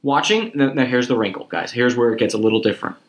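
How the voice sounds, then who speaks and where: A man's voice: medium pitch, expressive, quick pace. A man co-hosting a podcast in casual chat, telling stories animatedly and swearing casually. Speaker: podcast co-host.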